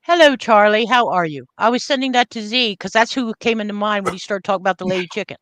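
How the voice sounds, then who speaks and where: A woman's voice: mid-range voice, fast, fairly bright tone, dry recording. Woman, panel guest, giggly and playful, dry close sound. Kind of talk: casual chat.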